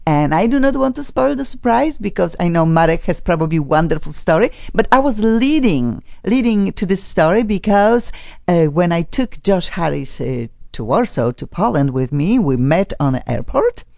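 A woman hosting a radio show, chatting effusively and haltingly with many fillers. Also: on the low side, lively intonation, gravelly, darkish tone, no echo, highs cut off. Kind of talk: casual radio chat.

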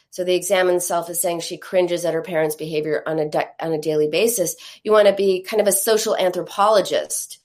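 A woman giving a live teaching talk to an audience, telling stories in an earnest way with lively asides. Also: on the low side. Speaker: teacher on emotional eating.

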